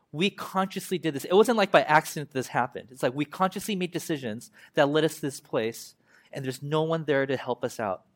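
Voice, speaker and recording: A young man preaching a conversational sermon, reading scripture slowly and then explaining it in everyday talk. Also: a little high, fairly bright tone. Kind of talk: casual sermon teaching.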